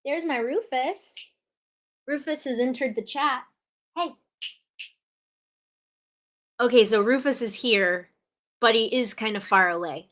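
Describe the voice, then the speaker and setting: A young woman from New Jersey hosting a livestream, chatting casually and telling stories with animated, playful indignation. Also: a little high, takes it slowly, pauses often. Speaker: livestream host. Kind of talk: casual chat.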